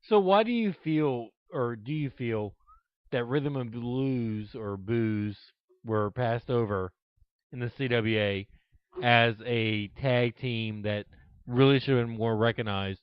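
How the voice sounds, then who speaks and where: Smooth-voiced man asking rambling questions. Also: mid-range voice, slow. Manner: long, circling questions with many ums. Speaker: interviewer, show host. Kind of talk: interview questions. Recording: dull, lo-fi.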